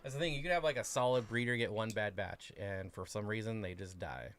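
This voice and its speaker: A man's voice: on the low side, a little fast. A man co-hosting an aquarium livestream, rambling casually with many fillers. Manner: relaxed, rambling, lots of fillers.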